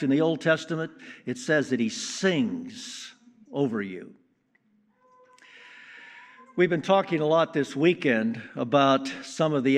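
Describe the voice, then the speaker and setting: A man preaching a sermon in a slow, deliberate way with strong emphasis on key words. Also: mid-range voice. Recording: long reverb of a large hall.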